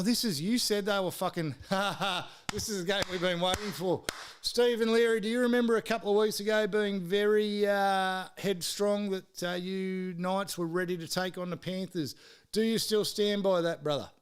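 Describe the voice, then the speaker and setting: An Australian man hosting a live stream, with a smooth, clean voice that sits a bit high for a man. He talks in a loose, casual way as he tips games. He swears freely and ribs his friends in the chat. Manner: swears freely, teases viewers and mates in the chat.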